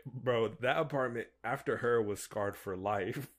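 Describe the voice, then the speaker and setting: A young man co-hosting a podcast, chatting in a relaxed, slangy way and quoting himself as he tells stories. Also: medium pitch, a little slow. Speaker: podcast co-host. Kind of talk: casual chat.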